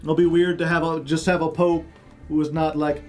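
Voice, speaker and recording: Male streamer from Chicago, slightly high voice, loose rambling delivery with joking asides, faint background music. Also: little pitch movement, normal speed, a little mellow. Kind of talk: casual chat with stream viewers.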